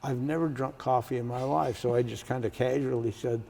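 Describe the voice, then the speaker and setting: A man's voice: medium pitch, steady tone, a little fast, gravelly. An older man, a former state senator, telling stories from his career in an oral history interview. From Kansas, United States. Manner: storytelling, acts out quoted voices loudly.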